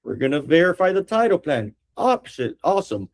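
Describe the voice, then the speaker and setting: A man's voice: on the high side, sing-song, brisk, gravelly. A middle-aged man, an attorney, teaching a training class for real estate agents in a direct way, often checking in with the class.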